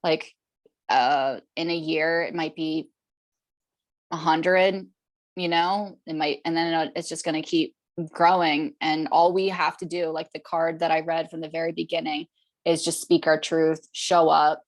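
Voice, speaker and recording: Low-voiced, earnest woman. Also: steady tone, unhurried. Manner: earnest, encouraging, storytelling. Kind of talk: casual group call chat. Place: online group video call.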